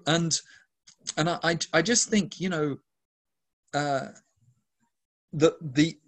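Male Catholic minister, interview answers, earnest and emphatic, stacks up lists of descriptive words. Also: on the high side.

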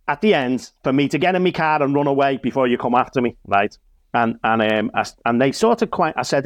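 A man from Liverpool with a Liverpool accent, a comedian and church minister, telling an anecdote in a relaxed panel chat with lots of asides. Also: medium pitch, brisk, no room sound, clean studio sound. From Liverpool, England. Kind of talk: casual storytelling in a panel chat.

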